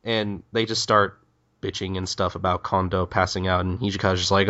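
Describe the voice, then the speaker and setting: This man, co-hosting a podcast, casually walks through a manga's scenes with rapid voiced quotes and many fillers. The recording is muffled, and his low-pitched voice has a flat delivery that sounds pushed and bright.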